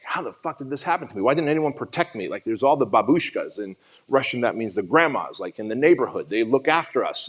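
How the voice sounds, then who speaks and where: His voice is mid-range with a breathy edge. At a summit, on the conference stage, this Armenian man in his forties recounts his life in an emotional, profane motivational speech, swearing often as the raw story unfolds.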